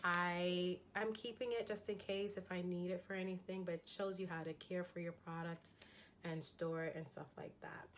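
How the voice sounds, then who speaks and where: A woman with a slightly low-pitched voice chats eagerly through a shopping haul. She rambles casually, filling pauses with ums and small laughs. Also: fairly even intonation, slight background noise. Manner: chatty and enthusiastic, frequent ums and laughs. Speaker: fashion haul vlogger. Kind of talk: casual haul chat showing items.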